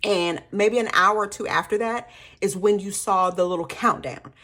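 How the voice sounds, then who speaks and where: A woman, chatting casually to viewers as a planner vlogger, animated and slightly hoarse. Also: medium pitch, moderate pace. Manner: chatty, animated storytelling with frequent laughs.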